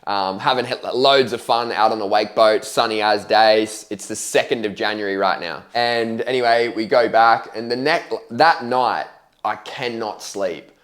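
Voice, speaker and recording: Candid young man with a low voice. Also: normal speed, a bit bright. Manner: candid, slangy, swears freely, acts out his own past reactions. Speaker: vlogger telling his life story. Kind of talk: casual storytelling to camera.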